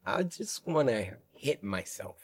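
A man hosting a gaming video in a playful, jokey way, swinging between loud outbursts and mutters. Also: mid-range voice, background noise. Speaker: gaming YouTuber. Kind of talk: energetic gaming vlog intro.

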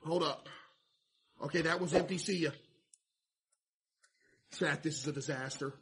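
A man streaming a game, chatting to his viewers in a mock-stressed, animated way. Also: fairly high pitch, measured pace, husky. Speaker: streamer playing a laundromat game. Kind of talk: casual gameplay commentary to chat.

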